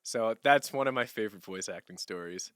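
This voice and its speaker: Bright, clear-voiced young man streaming. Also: on the low side, brisk, no echo, clean studio sound. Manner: relaxed, rambling, laughs often. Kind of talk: casual livestream chat answering viewers.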